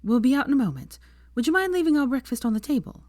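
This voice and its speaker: Polite young woman, brisk and a bit higher, narrator's own voice. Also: big pitch swings, a little mellow, no room sound, studio quality.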